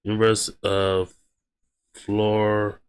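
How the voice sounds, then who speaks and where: A man's voice: on the low side, completely flat delivery, a little slow, smooth. Slangy man doing reaction commentary. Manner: slangy, teasing, says "bruh" often. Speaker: reaction video host.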